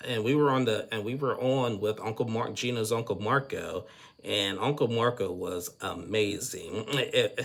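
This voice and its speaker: A man's voice: fairly low pitch, creaky, fairly bright tone. A man hosting a casual, rambling recap of a reality show, chatty and full of restarts. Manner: rambling, chatty, with frequent restarts and "you know". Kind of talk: casual spoken episode recap.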